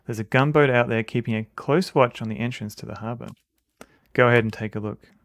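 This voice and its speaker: A man reading out a gruff sub captain. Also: mid-range voice, a little fast, no echo, studio quality, close to an everyday voice. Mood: urgent. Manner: reading a captain's lines aloud with a little extra punch. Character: gruff male submarine captain, commanding.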